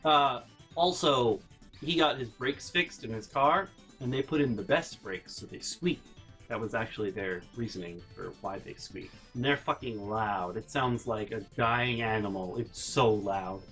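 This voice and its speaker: A man's voice: lowish voice, unhurried, fairly bright tone, soft background music. A man telling a story as a vlog host, exasperated and incredulous, sick and a little out of breath. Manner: exasperated, incredulous rants with repeated no's. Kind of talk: casual storytelling monologue.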